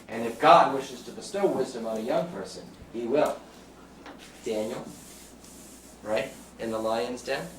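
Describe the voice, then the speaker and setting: A middle-aged man with a Bronx accent giving a chatty, joking talk to a live audience. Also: mid-range voice. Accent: New York (Bronx). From the Bronx, New York. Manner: chatty, jokey storyteller with audience asides. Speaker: lecturer. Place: lecture room. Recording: roomy sound, from far off, faint background noise.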